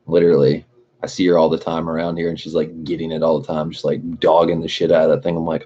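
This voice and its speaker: A man's voice: rumbling low, completely flat delivery, fast talker, dark tone, slightly rough. A young man hosting a livestream, rambling and swearing in casual chat, laughing often. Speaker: livestream host. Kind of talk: casual chat with live chat readers. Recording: dull lo-fi stream audio.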